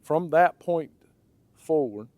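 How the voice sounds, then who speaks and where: A man with a raspy, hoarse voice from blocked sinuses gives a casual hands-on product review. He talks conversationally and ends his points with "okay?" and "right?". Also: on the high side, expressive, slow, darkish tone, no room sound. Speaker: firearms reviewer.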